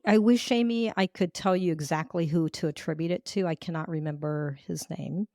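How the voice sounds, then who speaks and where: A woman coach of Cuban heritage tells personal stories as a podcast guest, in a lowish voice recorded close and dry. She is animated and acts out her own past thoughts as she talks. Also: moderate pace, dry recording. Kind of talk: storytelling in an interview.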